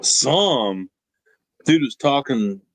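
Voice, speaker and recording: A man's voice: mid-range voice, sing-song, extremely slow, dry recording. Dry-voiced joking man co-host. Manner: teasing, joking, talks over others. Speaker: podcast co-host. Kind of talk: casual podcast banter.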